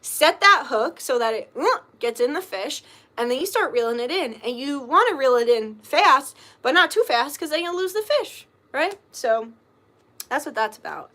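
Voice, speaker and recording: A woman's voice: high-pitched, lively intonation, moderate pace, sharp tone. A woman reading tarot and chatting casually, rambling with lots of filler words and the odd swear word. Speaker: tarot reader. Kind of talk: casual livestream chat.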